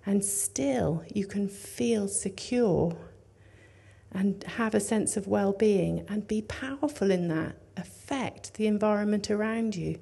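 A woman preaching a sermon in an earnest, conversational way, dropping to hushed tones and rising for emphasis. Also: mid-range voice, slow pace, gravelly, breathy edge.

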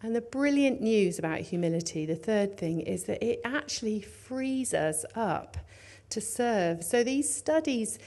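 A woman preaching a sermon in an earnest, conversational way, dropping to hushed tones and rising for emphasis. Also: medium pitch, animated, a little slow, few pauses.

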